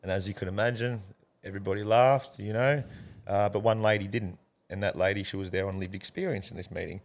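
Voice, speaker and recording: An Australian man, guest in a laid-back interview, rambles earnestly through a long personal story, calling the host "mate" again and again. His voice is very low and gravelly, his intonation fairly even and his pace quick.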